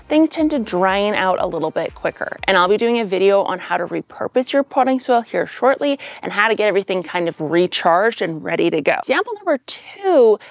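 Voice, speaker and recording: A woman with a Canadian accent and a hoarse voice, explaining gardening in a casual, upbeat video with joking asides. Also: mid-range voice. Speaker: gardening educator.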